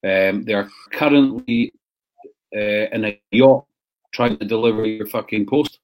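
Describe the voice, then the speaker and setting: Casting: male livestream host, lowish voice, loose sweary banter. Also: a little slow. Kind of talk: casual livestream chat.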